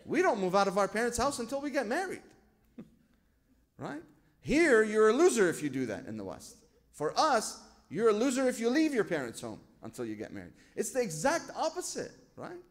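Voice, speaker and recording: A man's voice: high voice, wildly swooping pitch, moderate pace. A man giving a sermon as a sheikh. He tells stories from his own life, asks rhetorical questions and quotes scripture. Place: lecture hall at a religious gathering.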